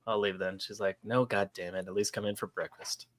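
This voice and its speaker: Animated man acting out comic dialogue. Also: on the low side, brisk. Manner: animated, laughing, acts out characters' lines. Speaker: podcast co-host. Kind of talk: casual comic book discussion.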